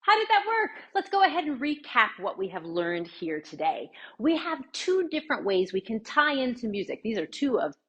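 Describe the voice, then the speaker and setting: A woman's voice: a little high, big pitch swings, moderate pace, few pauses, a bit bright, slightly rough. A woman teaching a dance lesson as the instructor, scatting the rhythm as she demonstrates and often checking in with "right?". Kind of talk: dance lesson with sung counts.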